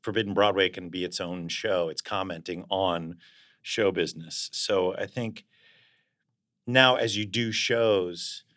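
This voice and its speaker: A man's voice: low voice, steady tone, measured pace, fairly bright tone. A man being interviewed as a guest actor, talking in a reflective, casual way and searching for words as he goes.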